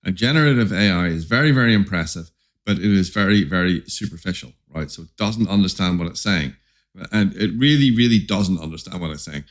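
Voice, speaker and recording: A man with a lowish voice, talking over casual interview questions. He stumbles and restarts often, repeating words, then presses on with lively explaining. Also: a little fast. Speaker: company founder, podcast guest.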